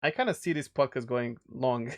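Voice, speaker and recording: A man's voice: mid-range voice, moderate pace. A man co-hosting a casual gaming podcast, rambling and enthusiastic, laughing often. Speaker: podcast co-host. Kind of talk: casual chat.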